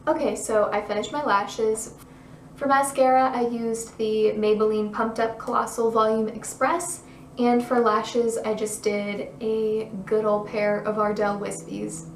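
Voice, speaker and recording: A young woman talking through a makeup tutorial in a chatty, bubbly way, her voice a little hoarse. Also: on the high side, level tone, a little slow, roomy sound, distant mic, a little hiss or hum, rough recording. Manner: chatty, bubbly, self-deprecating asides. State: losing her voice, slightly hoarse. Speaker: beauty vlogger.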